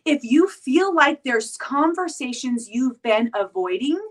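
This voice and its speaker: A woman's voice: high-pitched, lively intonation, a little slow. A woman giving casual motivational talk to her viewers in a chatty way, full of fillers and repeated "right?" checks. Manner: chatty, filler-heavy, often asks "right?". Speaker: vlogger. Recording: voice picked up from a distance.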